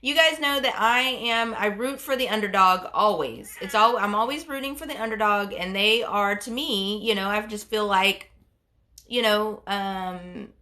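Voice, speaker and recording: This livestream host has a head cold and a medium-pitched, sharp-toned voice, speaking at a measured pace. Casually reading viewer comments, she rambles through her stories, peppering them with fillers.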